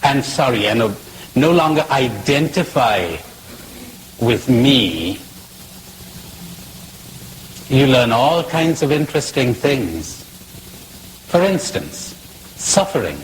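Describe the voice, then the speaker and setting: Man, spiritual talk, playful and questioning, lively pitch, faint background hiss. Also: slow, pauses often, rough recording. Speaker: spiritual speaker. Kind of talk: talk with jokes.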